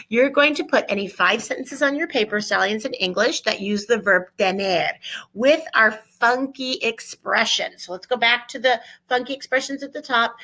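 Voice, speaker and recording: Woman teacher, bright ringing voice, upbeat, drills phrases slowly for students. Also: fairly high pitch. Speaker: Spanish teacher. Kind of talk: online classroom lesson.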